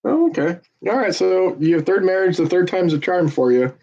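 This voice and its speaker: A man's voice: sits high, animated, moderate pace, mellow, slight background noise. A man volunteering on a phone bank, chatting with callers and viewers in a joking, persuasive salesman style. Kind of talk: casual livestream chat while making calls. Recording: dull lo-fi audio.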